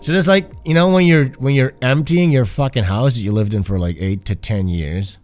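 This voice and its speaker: A man's voice: medium pitch, moderate pace, darkish tone. Stuffed-up, sick male streamer. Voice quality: nasal, stuffed-up. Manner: rambling, profane, self-interrupting. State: sick with flu, coughing. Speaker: art streamer host. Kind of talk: casual livestream chat. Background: faint background music.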